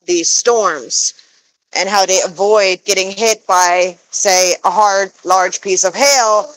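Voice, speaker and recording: A woman with a Texan accent livestreaming outdoors on her farm, explaining her geese in a slow, rambling, casual way. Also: medium pitch, rough recording. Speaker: pet goose keeper livestreaming. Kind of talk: casual live stream chat.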